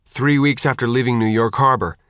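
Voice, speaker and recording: A man reading an audiobook in a measured, even style. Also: medium pitch, smooth, no echo, clean studio sound. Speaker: audiobook narrator. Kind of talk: scripted audiobook narration.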